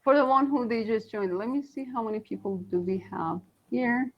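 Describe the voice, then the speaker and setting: A woman co-hosting a live online English lesson, talking slowly with many fillers over a video call. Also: fairly high pitch. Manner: slow, halting, many fillers. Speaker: co-host English teacher. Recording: dull lo-fi stream audio.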